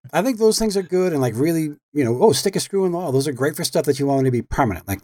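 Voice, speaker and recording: A man's voice: on the high side, animated, very fast, dark tone, dry recording. A man as a podcast guest in casual chat, easygoing and rambling with many fillers.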